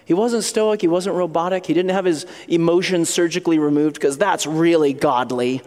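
Pastor guy with a high voice preaching, chatty and earnest, long echo. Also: steady tone, moderate pace, hardly any pauses, darkish tone. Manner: earnest, conversational storytelling. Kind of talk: sermon. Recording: long hall reverb.

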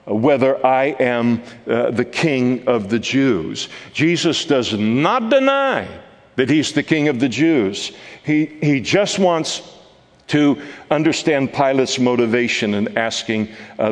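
A man teaching through a Bible passage verse by verse, earnest and halting, with many filler sounds. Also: medium pitch, long reverb tail.

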